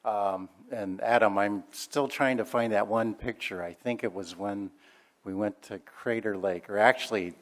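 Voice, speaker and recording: A man's voice: on the low side, fairly even intonation, unhurried. An older man sharing memories of a family member in a chatty, laughing storytelling way, with many fillers. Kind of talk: anecdotal reminiscing speech.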